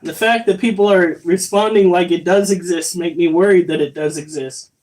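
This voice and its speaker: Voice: mid-range voice, normal speed, darkish tone. A livestreamer chatting casually while reading chat, swearing a lot and sounding incredulous. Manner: profane, incredulous, rambling.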